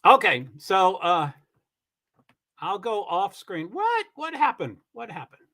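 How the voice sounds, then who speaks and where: A man hosting a livestream, giving rambling, chatty commentary on a car race and swearing when he gets excited. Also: high voice, takes it slowly. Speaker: livestream host. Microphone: computer mic on a streaming call.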